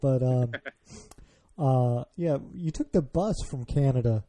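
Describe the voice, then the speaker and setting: American podcast host guy, very dark mellow voice, lots of uhs. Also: medium pitch, slow pace. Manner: hesitant, many fillers and restarts, asks questions. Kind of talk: casual chat.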